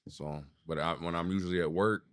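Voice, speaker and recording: Guy in his 30s on a podcast, cussing through a story about his kids, voice gets higher when he's fired up. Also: fairly even intonation, brisk, smooth, no echo, clean studio sound. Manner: storytelling, swearing freely, voice rising as he gets worked up. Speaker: podcast co-host. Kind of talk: casual chat.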